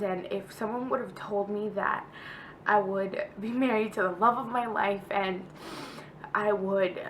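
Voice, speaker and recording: A woman's voice: mid-range voice, a bit bright, slight background noise, poor audio. Young female vlogger, chatty, heartfelt, mid-range voice, casual update. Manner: chatty and heartfelt, with many fillers. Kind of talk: casual pregnancy vlog update.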